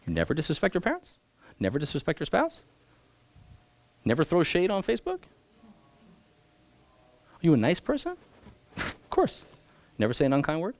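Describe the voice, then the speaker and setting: A man leads an adult class with a lively, storytelling delivery. His pitch swings widely as he acts out voices, and his bursts alternate with hushed asides. A faint room hum sits behind him. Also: normal speed, long pauses. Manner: animated, acts out voices and jumps between loud and hushed. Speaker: rabbi teaching an adult class.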